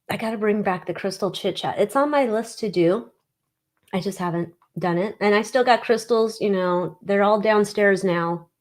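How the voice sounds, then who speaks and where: A woman hosting a casual livestream, chatting bluntly and reading viewer comments. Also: fairly low pitch. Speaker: livestream host.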